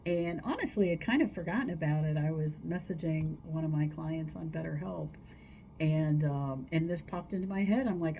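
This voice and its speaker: A woman's voice: deep voice, normal speed, dark tone, slight background noise. A middle-aged woman therapist talking casually and rambling a little, demonstrating breaths and sighs as she gives tips. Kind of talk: casual solo talk giving wellness tips.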